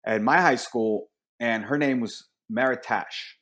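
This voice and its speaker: A man from Colombia in his thirties, guesting on a podcast as a comedian. He tells stories in a relaxed chat, slipping into the voices of the people he quotes. His voice sits at an ordinary middle pitch. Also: unhurried. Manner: animated, acts out quoted voices. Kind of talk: casual storytelling chat.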